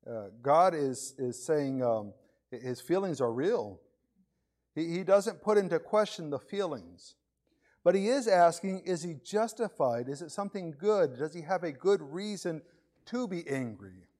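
Conversational male preacher, slightly high voice. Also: expressive, measured pace, darkish tone. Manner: conversational, repeats words when starting phrases; acts out voices of others in his examples. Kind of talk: sermon.

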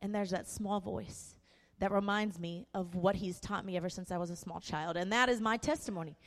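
A woman's voice: mid-range voice, fairly quick. A young woman pastor giving an impassioned sermon testimony, earnest and emphatic with repeated phrases. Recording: echoey hall.

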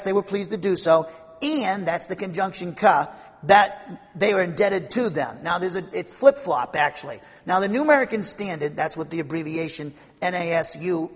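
A man with a high, slightly husky voice teaches a Bible passage verse by verse, emphatic and explanatory, often breaking off and restarting his sentences. He sounds like he is speaking in a large hall with a long reverb trailing behind him.

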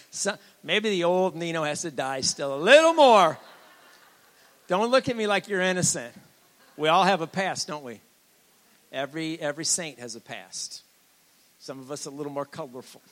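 A man's voice: a little high, moderate pace, big-room sound. An older man giving a candid, joking testimony sermon as a guest preacher in a church. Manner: candid, joking, animated storytelling.

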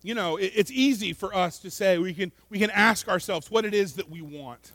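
A man preaching a sermon in an earnest way, often repeating words and swinging between loud emphasis and quiet asides. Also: sits high, normal speed, no room sound. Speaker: pastor.

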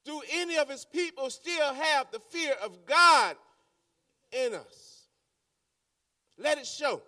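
A man's voice: extremely high pitch, expressive, slow pace, bright, forceful tone, no room sound, studio quality. A man preaching a sermon in a church, repeating his phrases for emphasis and calling out to the congregation, heard from a distance. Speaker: pastor.

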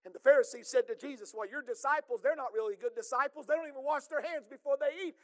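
A middle-aged man preaching a sermon in a church, swinging from hushed, quiet passages to shouted emphasis. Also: very high voice, quick pace, few pauses. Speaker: pastor.

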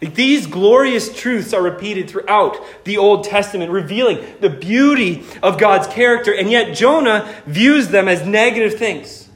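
A man preaching a sermon in an animated, conversational way, joking with the congregation. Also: high-pitched, moderate pace, hardly any pauses. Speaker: pastor.

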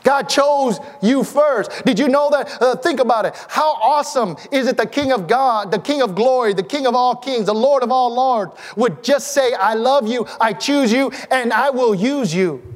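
A man preaching a sermon in church, with animated, rising exclamations. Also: very high voice, moderate pace, hardly any pauses. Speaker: pastor. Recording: long hall reverb.

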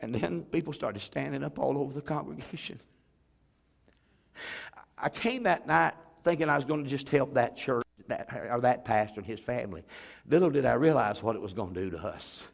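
A man's voice: mid-range voice, creaky. A middle-aged man, a pastor preaching and telling a story in an earnest, emotional way. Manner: earnest, emotional storytelling that acts out others' words. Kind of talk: storytelling sermon.

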